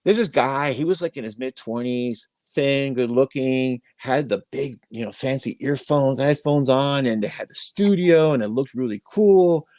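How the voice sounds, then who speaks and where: Male podcast host, mid-pitch, emphatic and rambling, dry close phone recording from a bedroom. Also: moderate pace, hardly any pauses, darkish tone, no echo. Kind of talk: casual interview chat. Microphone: iPhone.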